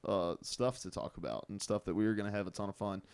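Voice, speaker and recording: A man's voice: lowish voice, fairly even intonation, quick pace, creaky, darkish tone, clean tone. Joking young man hosting a podcast. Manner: joking, teasing, storytelling. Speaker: podcast host. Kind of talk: casual podcast chat.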